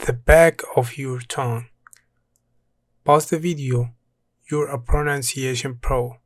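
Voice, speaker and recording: A man's voice: mid-range voice, no room sound. A man teaching a beginner language lesson, repeating each word and praising the learner between drills. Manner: encouraging, repeats each word slowly for practice. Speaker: Arabic teacher.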